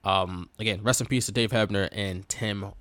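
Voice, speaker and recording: A man's voice: on the low side, steady tone, normal speed, fairly bright tone, no echo. A man hosting a wrestling podcast, chatting casually with a co-host, laughing often and filling his talk with fillers. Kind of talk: casual chat.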